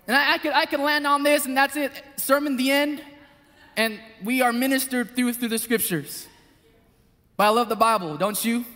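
Male pastor, high voice, impassioned sermon with loud and soft turns, long hall reverb. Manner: passionate, swings between loud appeals and hushed storytelling. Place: church hall.

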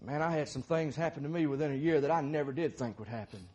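A middle-aged man preaching a sermon, moving from quiet talk to fervent shouting. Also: on the high side, quick pace, slightly rough.

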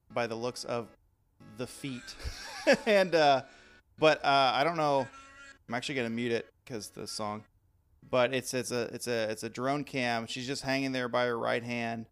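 A man's voice: medium pitch, slight background noise. A man hosting a podcast in loose banter who rambles and laughs often. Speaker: podcast host.

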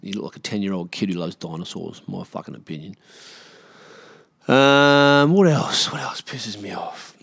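An Australian podcast host in his late thirties rants alone, rambling, profane and sarcastic. His voice is lowish and a bit bright with vocal fry, at normal speed.

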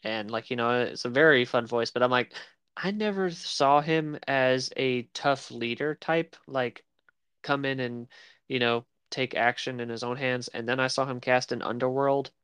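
Male podcast co-host, mid-pitched, smooth tone, easygoing banter. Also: moderate pace, a bit bright, no echo. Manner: easygoing, joking, hesitant with fillers. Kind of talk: casual chat.

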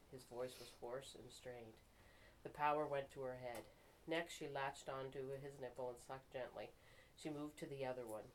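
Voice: medium pitch, a little hiss or hum, poor audio. A writing group member reading their own fiction aloud and stopping now and then to fix slips. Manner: reads steadily, stops to fix slips and apologizes.

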